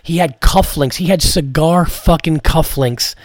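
A man's voice: on the high side, a little slow, no echo, studio quality. A man, a comedian hosting a podcast, telling a rambling story full of swearing and "like" fillers. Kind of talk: casual storytelling.

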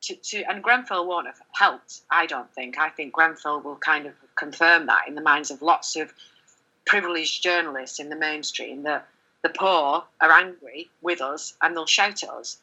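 A middle-aged woman journalist speaking candidly in an interview, animated, with many fillers and restarts. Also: deep voice, normal speed, breathy edge, lo-fi sound. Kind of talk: conversational interview.

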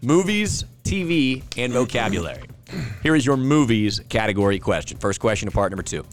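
A man's voice: mid-range voice, big pitch swings, a little fast, slight background noise. A man hosting a pub trivia podcast who announces each question, repeats it and jokes between rounds. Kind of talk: casual podcast quiz announcing.

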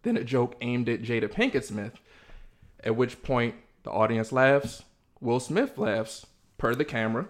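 A man's voice: medium pitch, sing-song, a little slow. A man hosting a casual podcast, talking in a laid-back, slangy and profane way as he lays out his points step by step. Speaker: podcast host.

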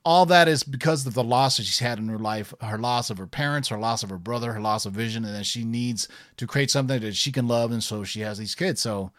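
Excited man rambling about a show. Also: mid-range voice, fairly quick, few pauses. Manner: enthusiastic, rambling with fillers and restarts. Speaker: podcast co-host. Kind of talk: casual chat.

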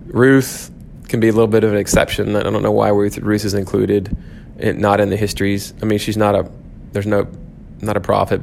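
Gravelly low-voiced man teaching a class. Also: darkish tone, slight background noise. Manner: thinks aloud with frequent restarts and fillers. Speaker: church teacher. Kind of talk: church class lecture.

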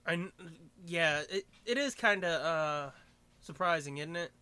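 A young man with a high, bright voice talks through a movie commentary in a loose, joking way. His pitch jumps around a lot, he swears freely, and he keeps slipping into goofy exaggerated voices. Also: measured pace, smooth. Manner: excitable, swearing, bursts into silly exaggerated voices. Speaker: podcast co-host.

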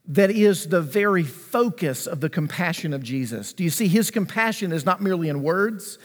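A man preaching a sermon in a high, light voice, his words ringing with long reverb through a large hall. He is emphatic, drops to a hush and then rises, and repeats key phrases for weight. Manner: emphatic, repeats key phrases, swings between hushed and rising delivery. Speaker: pastor.

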